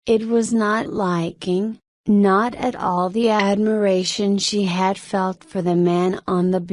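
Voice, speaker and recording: A woman narrating a novel slowly and carefully for English learners. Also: mid-range voice, darkish tone, dry recording, clean studio sound. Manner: slow, careful reading.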